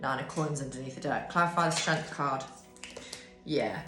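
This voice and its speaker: Woman tarot reader, sleepy and blunt, low pitch, roomy echo. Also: moderate pace. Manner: sleepy, yawning, swears casually. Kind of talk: casual tarot reading to camera. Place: bright room at home, indoors. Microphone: camera on a desk with ring light. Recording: echoey room with faint music.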